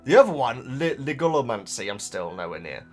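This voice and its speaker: A man's voice: mid-range voice, big pitch swings, normal speed, faint music behind. A man who hosts, chatting casually as he reads out viewer comments, rambling, stopping himself and laughing often. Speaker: host reading viewer comments. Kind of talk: casual chat to camera.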